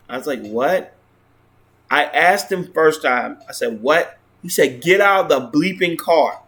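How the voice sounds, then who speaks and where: A man with a somewhat high-pitched voice tells a personal story straight to camera. He talks earnestly and restarts his sentences often, repeating words as he goes. He keeps tagging his lines with a questioning "right?". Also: fairly bright tone. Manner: earnest, retelling events with frequent 'right?' tags. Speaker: vlogger.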